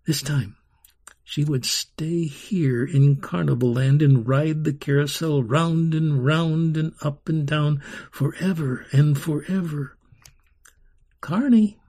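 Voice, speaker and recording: A man reading a story aloud as scripted narration, slow and dramatic. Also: mid-range voice, vocal fry, mellow, slightly rough. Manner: slow, dramatic storytelling with sung-out carnival sounds.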